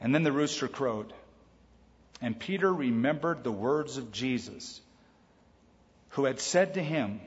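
A man preaching a sermon in a conversational way, tossing in quick quoted asides. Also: medium pitch, animated. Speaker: pastor. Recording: dull sound with long hall reverb.

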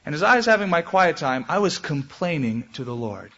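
Male preacher, slightly high and husky, delivering an animated sermon. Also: fairly quick, dull audio. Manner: animated preaching with dramatic pitch swings. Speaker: pastor.

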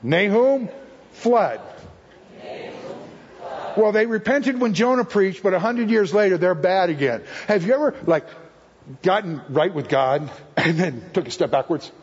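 Husky high-voiced man preaching in a hall. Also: lively intonation, measured pace, long pauses. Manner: jokey, puns, acts out quoted voices. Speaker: guest speaker. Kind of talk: humorous sermon teaching. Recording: echoey hall, dull lo-fi sound.

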